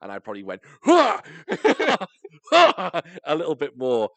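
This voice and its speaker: British guy, young, podcast co-host; expressive storyteller with lively pitch, dry close studio sound. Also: moderate pace, no room sound. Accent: British, not London. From Britain. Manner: animated storytelling, laughs often, acts out quotes. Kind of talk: casual podcast chat.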